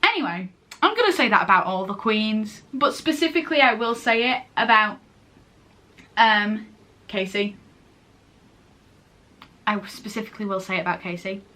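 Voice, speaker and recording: A woman's voice: mid-range voice, animated, normal speed, long pauses, pushed and bright. A teenage girl from England chatting casually and gushing in a rambling way, often interrupting herself. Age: late teens. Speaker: vlogger. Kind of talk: casual chat.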